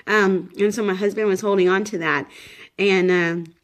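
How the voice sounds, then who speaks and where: A woman's voice: mid-range voice, fairly even intonation, normal speed. A woman in her thirties talking casually to the camera in a pregnancy update vlog, rambling with many fillers and restarts, tired and a little shaky. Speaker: vlogger.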